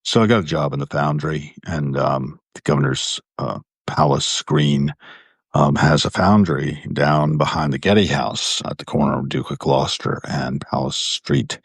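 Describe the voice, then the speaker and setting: A man in his 60s from Virginia, US, speaks in a very deep, gravelly, husky voice at a normal speed. He hosts a live video and tells rambling personal stories in a meandering way, often correcting himself. The sound is clean and studio-like with no echo, recorded in an indoor room of an old building.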